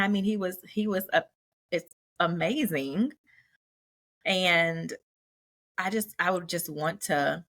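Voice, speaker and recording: Woman host chatting casually, laughs a lot, lots of likes and you knows, bright punchy voice. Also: low-pitched. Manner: chatty, laughs often, many fillers. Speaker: podcast host. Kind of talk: casual chat.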